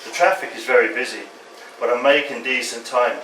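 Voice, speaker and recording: A man reading his own poems at a pub open mic, in a wry, deadpan way. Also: mid-range voice, fairly quick, a loud crowd. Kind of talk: poetry reading. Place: pub function room. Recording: roomy pub from a distant mic with background noise.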